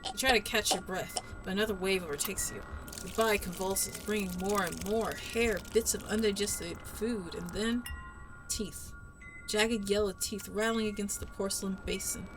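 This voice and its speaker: A woman's voice: mid-range voice, fairly even intonation, moderate pace, low-quality recording. A woman streamer reading a game's story aloud with dramatic narration and casual asides. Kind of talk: dramatic read-through of a game. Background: game music.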